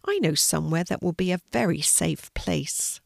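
A woman's voice: fairly low pitch, expressive, moderate pace, gravelly, no echo, clean studio sound, heavily acted. Woman doing a kind little mouse. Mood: friendly. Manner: gentle, encouraging. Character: small kind male mouse.

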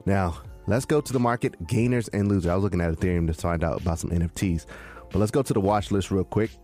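A man co-hosting a casual crypto talk show, talking in an animated, preachy way and acting out quotes in a raised voice. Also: sits low, fast talker, faint music behind. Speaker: crypto podcast co-host. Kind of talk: casual chat.

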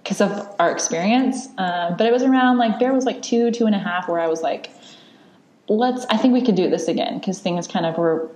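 A woman's voice: mid-range voice, fairly quick, a little mellow, reverberant. A woman in her thirties, a podcast host, candidly telling a long personal story in casual chat, with lots of fillers and restarts.

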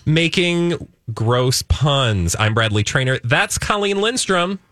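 Animated, playful male podcast host. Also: on the high side, takes it slowly, dry recording, studio quality. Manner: animated, playful, mock-outraged. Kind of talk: casual comedic chat.

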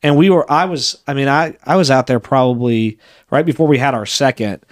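A man's voice: medium pitch, a little fast. A man in his thirties, a podcast co-host, telling a story in casual chat and acting out the voices he quotes. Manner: animated, acts out quoted voices.

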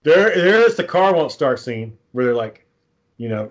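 A man in casual chat, rambling through a low-budget horror film plot, swearing freely and acting out the characters' lines. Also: very animated, normal speed. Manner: rambling, profane, acts out quoted lines. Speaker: amateur filmmaker pitching a script.

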